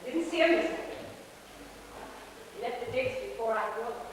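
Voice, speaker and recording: A woman's voice: fairly high pitch, animated, brisk, background noise, natural voice. A woman playing an anxious, titled lady in an amateur stage play, asking probing questions. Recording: distant echoey theatre recording.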